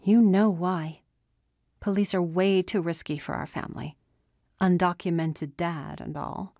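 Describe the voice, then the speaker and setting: A woman voicing a stubborn, desperate teenage girl who argues insistently and sometimes breaks into yelling. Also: fairly low pitch, fairly even intonation, unhurried, dry recording, clean studio sound. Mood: defensive. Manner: insistent, argumentative, rising to yells.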